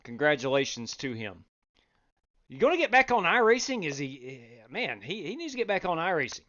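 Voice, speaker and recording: A man's voice: on the high side, big pitch swings, a little fast, muffled recording. Chatty man hosting a racing stream. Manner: chatty, reads chat aloud, bursts into loud exclamations. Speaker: sim racing league host. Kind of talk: live-stream race commentary.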